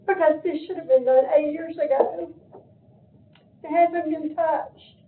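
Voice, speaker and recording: An older woman speaks in a slow, high voice during public comment at a county meeting, her words pleading and tearful. The recording carries a roomy echo and sounds thin, like a phone line. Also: steady tone, a little hiss or hum. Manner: emotional, pleading, voice breaking with tears. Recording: echoey room, phone-like meeting audio.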